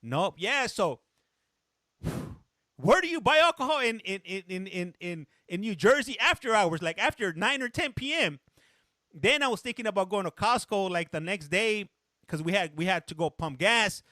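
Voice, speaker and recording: A man with a high, expressive voice and a sharp tone hosts a casual live stream at a moderate pace, recorded dry and clean in a studio. He tells a rambling, chatty story, often stopping to greet viewers and answer their chat comments, and now and then slips briefly into a bit of Spanish.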